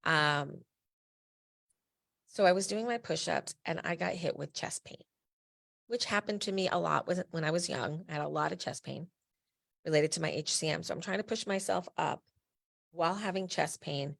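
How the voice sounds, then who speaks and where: A middle-aged woman from New Jersey tells a personal story in a low, gravelly voice. She speaks candidly and with emphasis, dropping blunt asides as a patient advocate who has lived it. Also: normal speed, pauses often, fairly bright tone.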